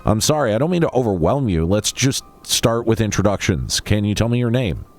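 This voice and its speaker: An earnest young scholar from a video game, calm and diplomatic, speaking in careful, reassuring tones, as a man reads him out in a deep voice. Light music sits faintly behind. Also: a little fast.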